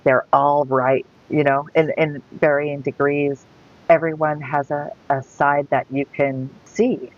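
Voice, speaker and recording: A woman co-hosting a podcast, recapping scenes in relaxed, agreeable casual chat. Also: rumbling low. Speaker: podcast co-host. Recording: muffled lo-fi recording.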